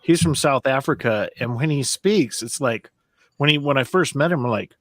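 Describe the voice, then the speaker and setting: A man's voice: medium pitch, animated, normal speed, no echo. A man chatting bluntly on a drinking stream, swearing casually.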